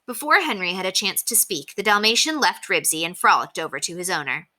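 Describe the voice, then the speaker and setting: Expressive woman reading a children's book. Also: on the low side, fairly quick. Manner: expressive storytelling. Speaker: teacher.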